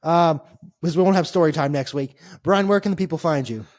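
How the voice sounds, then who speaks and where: A man's voice: on the high side, a little fast, no room sound. An American man, a young adult, co-hosting a podcast and telling a trip story in casual chat, laughing and restarting his sentences. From United States. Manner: animated, laughing storyteller with filler-heavy restarts. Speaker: podcast co-host.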